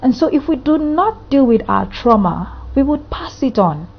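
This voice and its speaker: A woman's voice: high voice, very animated, moderate pace, vocal fry, slightly rough, lo-fi sound. A woman therapist from Africa speaking earnestly in a podcast monologue, piling up rhetorical questions.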